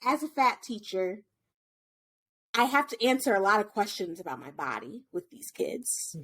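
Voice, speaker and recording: A woman yoga teacher chatting as a podcast guest, telling animated stories, acting out the children's voices and swearing freely. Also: moderate pace. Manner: animated storytelling, acts out kids in high voices, swears freely. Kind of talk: casual podcast chat.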